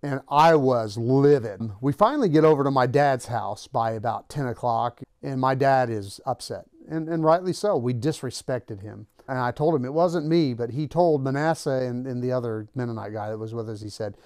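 A man running his own channel recounts a personal story in a relaxed way, performing the quoted lines of the other people. His mid-range voice has a darkish tone and moves at a normal speed with barely any pauses, recorded dry with clean studio sound.

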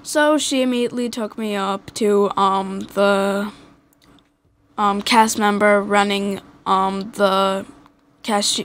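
A woman's voice: medium pitch, fairly even intonation, slow, a bit bright, a little hiss or hum. A teenage girl telling a personal story in a casual podcast chat, hesitant with many fillers. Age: teens. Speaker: podcast guest.

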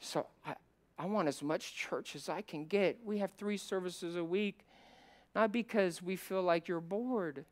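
A middle-aged man preaching a sermon as a pastor, surging from loud emphatic climbs to low quiet asides. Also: measured pace. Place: church sanctuary.

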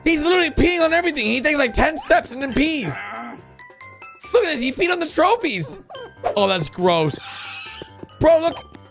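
Excitable man with a wildly swinging pitch. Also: normal speed, pauses often. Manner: excitable, exclamatory, talks to viewers as "bro" and "guys". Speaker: reaction video host. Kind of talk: reacting to animated clips. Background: music.

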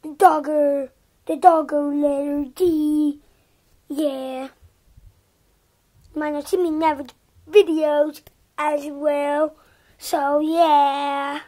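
A young girl voicing a goofy, boastful toy dog in a home skit, speaking slowly and drawn out. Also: high voice, little pitch movement, mellow.

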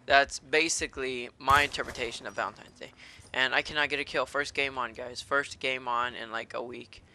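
A man rants through his gameplay commentary in a fired-up rage, swearing at nearly every turn. His voice is very sharp and bright, with a faint hiss of noise beneath it. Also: medium pitch, fairly even intonation, moderate pace. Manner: profane, ranting, fired-up rage. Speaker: gaming commentator.

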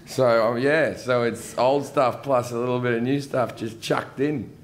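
A man's voice: mid-range voice, fairly even intonation, a little slow. A male comedian being interviewed on stage in front of a live audience, self-mocking and laid-back. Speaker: comedian guest. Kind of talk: interview chat.

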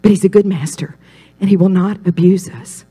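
A woman's voice: fairly even intonation, moderate pace, slightly rough. Emphatic woman preaching her testimony. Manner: emphatic, storytelling, swells louder and higher on key points. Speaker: speaker at a Christian ministry. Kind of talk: personal testimony sermon.

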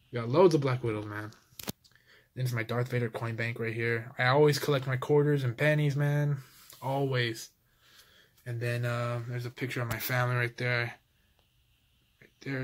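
A man's voice: medium pitch, fairly bright tone. Chill young guy showing off his toy shelves, keeps saying dude, kinda out of breath, medium voice. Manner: laid-back, says dude and man a lot. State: tired and out of breath. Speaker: toy collector vlogger. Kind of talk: casual vlog.

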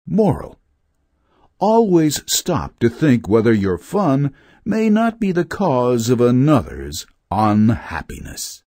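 A man reads fables aloud for children, slowly and with a very animated, swooping delivery. His voice is a bit husky and close, with a dry sound. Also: medium pitch, no echo. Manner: slow, expressive reading. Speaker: narrator. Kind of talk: storybook narration of fables.

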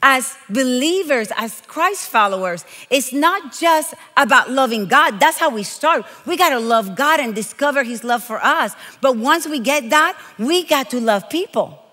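A woman from Puerto Rico giving a lively, playful sermon full of stories and emphatic points. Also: high voice, measured pace, hardly any pauses, long reverb tail. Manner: animated, playful, emphatic preaching with quoted asides. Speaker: guest preacher.

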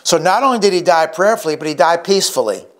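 A middle-aged male pastor preaching a sermon, emphatic and slowing down to stress key words. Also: on the high side, animated, a bit bright.

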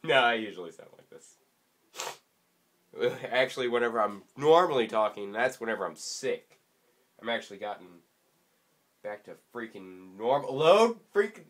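A young man rambling through let's play commentary, self-mocking with sudden excited yelps, his voice slightly stuffy from allergies. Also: on the low side, moderate pace, long pauses. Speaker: gaming YouTuber.

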